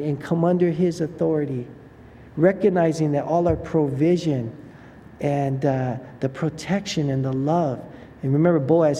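A man's voice: on the high side, warm tone, in a large hall, a little hiss or hum. A man preaching a sermon in a loose, conversational way, full of "you know" asides and restarts.

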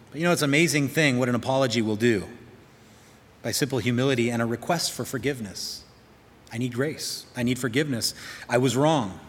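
A pastor preaching a sermon, telling stories and acting out quoted lines in a softer voice. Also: male voice, mid-range voice. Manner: storytelling, acts out quoted lines softly. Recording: long hall reverb.

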